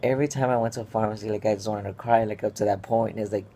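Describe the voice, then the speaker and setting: A man's voice: fairly low pitch, steady tone, very fast, mellow. A man telling a stressed personal story in a casual vlog, rambling with many fillers and restarts. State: stressed and upset. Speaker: vlogger.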